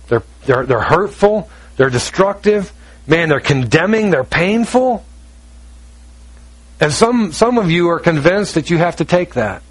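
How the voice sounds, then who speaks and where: A man's voice: fairly high pitch, poor audio. A man preaching a sermon in an emphatic, conversational way, asking rhetorical questions and acting out the people he quotes. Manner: acts out quoted voices. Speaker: pastor.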